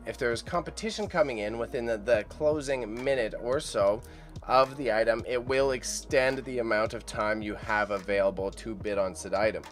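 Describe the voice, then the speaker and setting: A young man from Canada hosting a casual live stream about an auction. He talks in a loose, chatty way, swears, laughs often and jumps up in pitch when excited.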